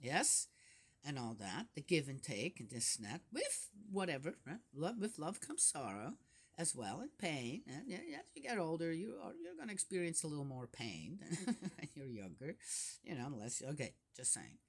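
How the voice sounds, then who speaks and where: An older grandmother talks through scripture in a loose, conversational way, often checking in with rhetorical asides. Her voice sits fairly low but swings widely in pitch, giving her talk a lively, animated lilt. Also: normal speed, breathy edge. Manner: chatty, with frequent rhetorical "Yes?" and "Right?" asides; laughs often while talking. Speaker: Bible study host. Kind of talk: casual Bible commentary.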